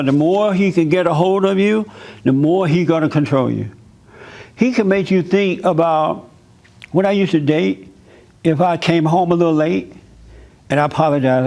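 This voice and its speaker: Preaching in a conversational, joking way, this male pastor keeps his sermon loose and funny, returning to and repeating his points. His voice is on the high side for a man and a little mellow.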